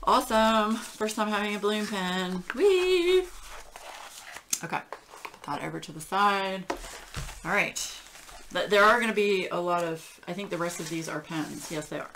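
A woman hosting a casual craft unboxing, gushing and getting emotional with breathy exclamations. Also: on the low side, moderate pace, bright, forceful tone, a little hiss or hum. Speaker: craft channel host.

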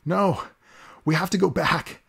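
A man's voice: on the high side, expressive, normal speed, vocal fry, husky, pitched above the performer's own voice, exaggerated voice. A man voicing a desperate young boy. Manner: pleading, raised voice. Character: distraught young boy on the run.

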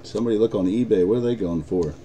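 A man's voice: fairly low pitch, fast talker, warm tone, a little hiss or hum. A man with an American accent hosting a live card break, chatting casually, swearing and laughing often.

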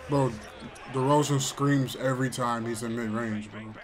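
A man's voice: mid-range voice, normal speed, a crowd in the background. A man reacting live to a basketball broadcast, trash-talking the players and refs with casual slang and frequent outbursts. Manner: excitable trash talk, yelling at the screen. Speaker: sports fan reacting to a game broadcast.

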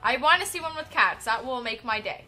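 A young woman giving excitable, giggly commentary while playing a video game. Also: fairly high pitch, fairly quick. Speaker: game streamer. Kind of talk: casual gameplay commentary. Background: faint game music.

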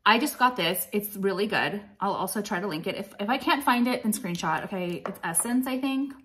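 A woman's voice: mid-range voice, lively intonation, brisk, fairly bright tone. A woman in her late thirties, chatting through a makeup tutorial in a blunt, profane, rambling way, a little out of breath. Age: late 30s. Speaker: beauty vlogger. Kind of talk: casual makeup tutorial chat.

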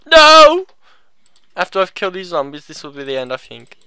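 A man giving excitable gameplay commentary, often yelling in panic and swearing. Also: on the high side, fast talker, vocal fry, clean tone, no echo.

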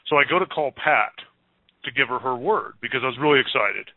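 A man on a call-in show, telling a religious testimony in a rambling, excited way with many restarts. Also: medium pitch, a little fast, creaky, dry recording. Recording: tinny phone-line radio sound.

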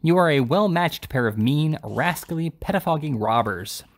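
A man's voice: fairly high pitch, lively intonation, moderate pace, pitched above the performer's own voice, close to an everyday voice. A man reading as Mr Pickwick, emphatic and indignant. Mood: scornful. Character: indignant elderly gentleman, Mr Pickwick.

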